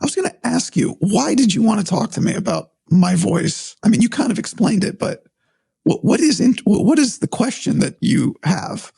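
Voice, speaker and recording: Hoarse, breathy man with high raspy voice. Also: sing-song, moderate pace, warm tone, no echo. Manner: thoughtful, hedging. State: hoarse after vocal cord surgery. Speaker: sports broadcaster. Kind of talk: casual podcast chat.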